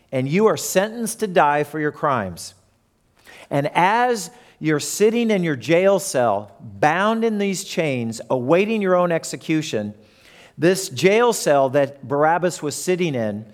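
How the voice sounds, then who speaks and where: A man preaching a sermon who retells the story and acts out the crowd and characters. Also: fairly high pitch.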